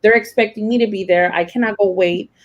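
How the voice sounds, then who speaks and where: A woman's voice: mid-range voice, steady tone, a little fast, muffled recording. A young adult woman teacher, telling a personal story in a rambling, emotional way with many fillers and restarts. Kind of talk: casual personal account.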